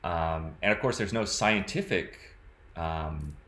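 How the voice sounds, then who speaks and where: Deep-voiced man musing to camera. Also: slow, fairly bright tone. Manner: rambling, full of "like" and "you know". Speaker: vlogger. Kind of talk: casual reflective talk to camera.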